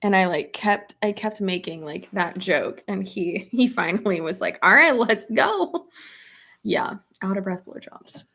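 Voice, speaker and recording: A woman's voice: medium pitch, moderate pace. A young woman vlogger with a stuffy nose from a cold, chatting bluntly and swearing freely while doing her makeup at home. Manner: chatty and blunt, swears freely, reads viewer comments aloud. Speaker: beauty vlogger. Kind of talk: casual get-ready-with-me chat while doing makeup.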